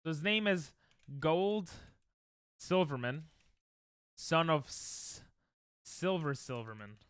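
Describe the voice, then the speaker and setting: Bright, clear-voiced male streamer. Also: fairly high pitch, expressive, slow pace, dry recording. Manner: rambling, self-interrupting, joking. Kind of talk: casual livestream chat.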